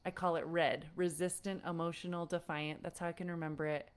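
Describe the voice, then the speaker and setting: A woman parenting coach giving an online lesson to parents, animated and often laughing as she acts out frustrated parents. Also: lowish voice, fairly quick, clear, resonant tone.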